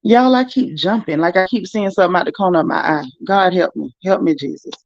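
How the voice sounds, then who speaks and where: Female livestream host, gravelly and chatty, reading viewer comments. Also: on the low side, brisk, no echo, highs cut off. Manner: chatty, animated, talks straight to viewers. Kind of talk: casual livestream chat.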